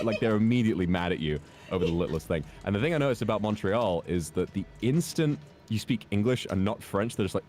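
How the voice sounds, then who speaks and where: Lively low-voiced young man telling stories. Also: quick pace, soft background music. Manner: animated storyteller who jumps into high put-on voices for quotes. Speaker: guest streamer. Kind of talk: casual storytelling chat.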